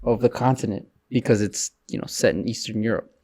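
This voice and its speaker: A man co-hosting a casual movie podcast, talking in an animated, agreeable way. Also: fairly low pitch, a little fast, breathy edge. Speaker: podcast co-host. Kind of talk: casual chat.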